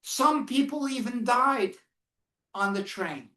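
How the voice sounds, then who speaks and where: A woman with a high voice speaks slowly and solemnly, giving a first-person survival testimony to a live group of students. She keeps drawing listeners in with questions. Her voice is picked up from a distance in a reverberant room. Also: bright, forceful tone. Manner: questions the audience often and waits for answers; slow, solemn storytelling. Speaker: Holocaust educator speaking to students. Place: classroom or lecture hall. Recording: echoey room, mic far off.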